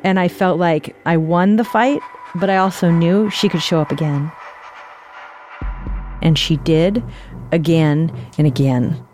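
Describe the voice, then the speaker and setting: A woman recounts a personal experience in a candid, conversational tone, slipping into the voices of others as she quotes them. Her voice sits a little low. Faint music plays beneath her. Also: unhurried, pauses often, darkish tone. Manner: candid, conversational, reenacts dialogue. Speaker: guest storyteller. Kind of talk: personal storytelling.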